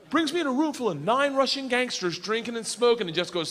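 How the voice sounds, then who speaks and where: A middle-aged man telling a long stand-up story on stage, loud and swearing, often laughing mid-sentence. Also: extremely high pitch, lively intonation, fast, hardly any pauses, some chatter behind. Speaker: stand-up comedian. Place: comedy stage in a large hall. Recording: long hall reverb from stage.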